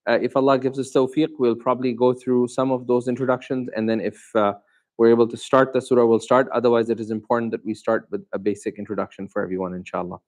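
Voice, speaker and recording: A male teacher giving a Quran lesson in a classroom, questioning his students and repeating terms slowly. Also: mid-range voice, little pitch movement, a little mellow, rough recording. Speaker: Islamic teacher.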